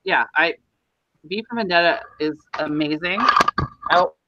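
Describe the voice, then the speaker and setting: A woman's voice: on the low side, a little slow, heavy background noise. A woman co-hosting a casual podcast chat, gushing and effusive, on dull lo-fi audio. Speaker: podcast co-host.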